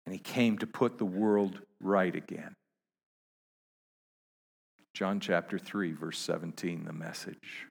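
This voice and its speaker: A man preaching a sermon to his congregation, halting and repeating words, rising to emphatic peaks. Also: sits low, fairly even intonation, creaky, husky, in a large hall. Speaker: pastor.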